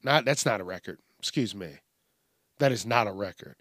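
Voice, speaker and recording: Male podcast host, early-morning rasp, profane and animated solo rant, dry close mic. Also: moderate pace, dry recording. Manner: profane, animated, mimics people in high yelps.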